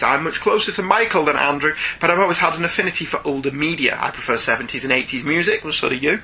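A man from Ireland co-hosts a casual podcast and reads listener emails aloud, often breaking into laughter. His voice is very bright and forward, sitting a little high for a man. A sore throat roughens it. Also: slight background noise, rough recording. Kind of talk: casual chat.

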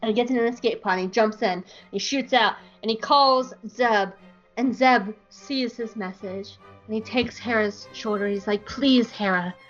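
A woman's voice: fairly high pitch, moderate pace. Giggly, profane woman podcast host. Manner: giggly, profane, animated storyteller. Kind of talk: comedic fan-fiction retelling. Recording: muffled podcast audio, faint music.

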